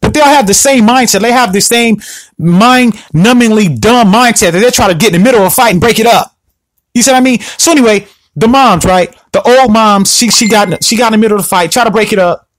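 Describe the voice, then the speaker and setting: A man hosting a solo podcast, ranting in an animated, repetitive, confrontational way. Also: sits high, a little fast, no room sound. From Southern California. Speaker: podcast host.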